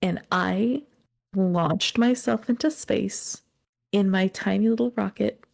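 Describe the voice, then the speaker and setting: A woman's voice: mid-range voice, slow, creaky, a little mellow. A young woman co-hosting a casual book podcast, gushing and playful as she recaps a story. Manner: gushing, playful, slips into quoting characters. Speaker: podcast co-host.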